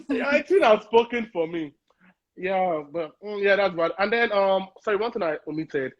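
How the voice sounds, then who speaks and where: A man's voice: high voice, expressive, normal speed, lo-fi sound. A man, a chef guest chatting playfully in an interview, laughing often and slipping into Pidgin. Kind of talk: casual interview chat.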